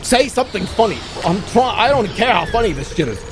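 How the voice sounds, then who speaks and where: A man's voice: high-pitched, big pitch swings, fairly quick, over music. A man on a game stream doing silly put-on cartoon voices, straining to keep his normal voice from coming through. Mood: strained.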